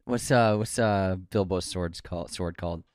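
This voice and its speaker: A man's voice: deep voice, normal speed, a little mellow, no room sound, studio quality. A man co-hosting a movie podcast, joking around and reading a sponsor spot. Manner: joking, reads sponsor spots. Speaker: podcast co-host. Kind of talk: casual chat with ad read.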